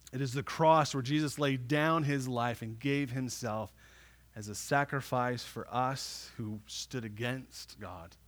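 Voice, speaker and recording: A man preaching a sermon to a congregation. He swings from loud declarations to soft, drawn-out words and keeps asking "right?". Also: fairly high pitch. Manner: asks the congregation "right?" often. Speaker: pastor.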